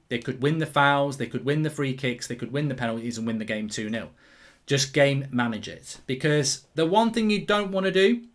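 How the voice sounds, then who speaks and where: An excitable man hosts a live football watchalong stream and rambles on as he reads out viewers' comments. His voice sits at an average pitch for a man.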